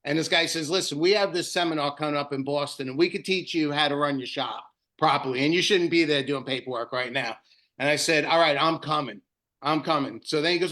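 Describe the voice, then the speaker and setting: Guy on a video call telling a big story, kinda high voice, gets all worked up and choked up. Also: fairly quick. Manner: animated, emotional, with swearing. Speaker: guest shop owner. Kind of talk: casual storytelling.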